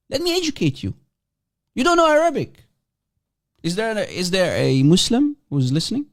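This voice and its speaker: Male stream host, taunting and playful, fairly high voice that swings widely. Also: very animated, fairly quick, vocal fry. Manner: mocking and provocative, repeats and teases. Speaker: livestream host. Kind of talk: casual livestream chat taking guests.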